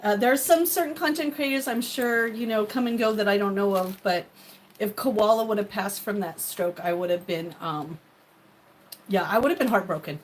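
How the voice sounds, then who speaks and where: A woman's voice: mid-range voice, moderate pace, a little hiss or hum. A woman chatting casually on a live stream while she cooks, greeting viewers by name and laughing often. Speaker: livestreaming cooking vlogger.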